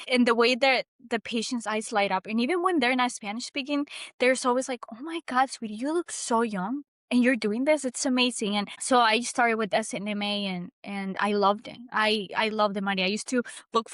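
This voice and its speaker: A woman's voice: on the high side, no room sound, clean studio sound. Earnest young woman telling her story. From Mexico. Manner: earnest, animated, with frequent restarts and "like". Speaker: guest. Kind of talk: casual conversational storytelling.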